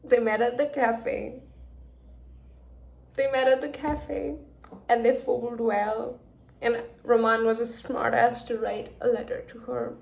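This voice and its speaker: Young woman, book vlogger, higher voice, unhurried, emotional reactions, roomy echo. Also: steady tone, vocal fry. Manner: emotional, swings from hushed gushing to loud exasperation. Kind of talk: casual reading vlog commentary. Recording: echoey room.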